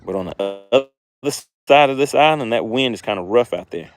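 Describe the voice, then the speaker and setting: Out on a windy lake, a man livestreams his fishing trip from a boat, addressing his audience directly. He's excitable and keeps repeating himself eagerly, speaking at normal speed in a medium-pitched voice.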